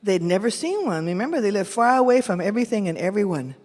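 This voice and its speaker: A woman from San Jose performing a bilingual folk tale live, animated and mixing Spanish with English. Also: mid-range voice, quick pace. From San Jose, California. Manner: animated, switches between Spanish and English phrases. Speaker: storyteller. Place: large event hall. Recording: echoey hall from a live event.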